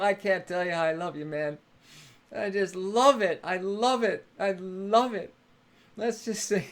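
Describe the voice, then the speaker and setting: Man, high-pitched and creaky, gushing spiritual stream host who laughs a lot. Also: lively intonation, slow, pauses often. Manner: effusive and affectionate, chatty, laughs often; greets and thanks viewers by name. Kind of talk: live-streamed spiritual talk.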